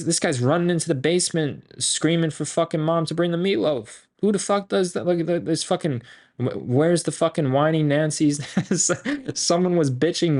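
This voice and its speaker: A man hosting a stock trading group, talking in a profane, boastful, rambling and excitable way. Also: mid-range voice. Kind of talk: hyped casual trading recap.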